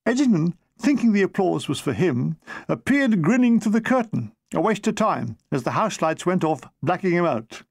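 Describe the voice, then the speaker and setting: A man's voice: high-pitched, very animated, normal speed, creaky, slightly rough, no room sound. A man reading his own memoir aloud in a dry, comic storytelling manner. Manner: dry comic storytelling, slipping into brief character voices. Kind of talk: audiobook narration.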